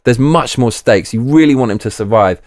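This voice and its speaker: A man's voice: mid-range voice, normal speed, a little mellow, dry recording, studio quality. Blunt, profane man reviewing a film. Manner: blunt, profane and emphatic, repeats himself. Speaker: movie reviewer. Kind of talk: casual spoken film review. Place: living in Japan.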